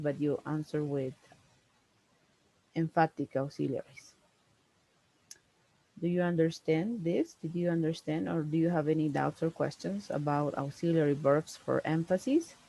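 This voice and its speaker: A woman, teaching a one-on-one English lesson over a video call, explaining slowly and stressing key words. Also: low-pitched, dark tone, poor audio.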